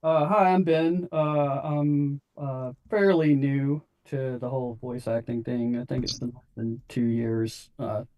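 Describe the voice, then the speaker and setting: A man's voice: medium pitch, fairly even intonation, unhurried, few pauses, muffled recording. Hesitant middle-aged man introducing himself. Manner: hesitant with many fillers. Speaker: new voice actor and player. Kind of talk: casual chat.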